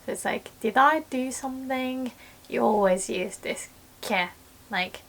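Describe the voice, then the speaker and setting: A woman's voice: fairly high pitch, measured pace, gravelly. A young woman with a Japanese accent, a native Japanese speaker, teaching a casual video lesson and acting out panicked little exclamations.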